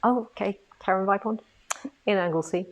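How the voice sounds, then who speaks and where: A woman's voice: medium pitch, a little fast, dull audio. A woman hosting a casual live stream from an indoor showroom, chatty and bubbly, laughing often. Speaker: host.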